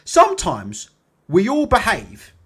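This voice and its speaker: A man's voice: high voice, wildly swooping pitch, slow, a bit bright, slightly rough. A man hosting a boxing channel, giving casual opinion commentary that is full of rhetorical tag questions, casual swearing and laughter at his own jokes. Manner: rhetorical, keeps tagging questions like "innit?" and "right?". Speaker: boxing YouTube channel host.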